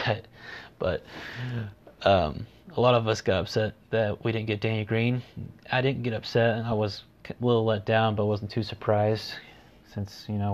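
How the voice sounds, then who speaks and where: A man's voice: lowish voice, fairly even intonation, moderate pace, highs cut off. A man hosting a solo sports podcast, talking casually and rambling, with dry sarcasm. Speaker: podcast host.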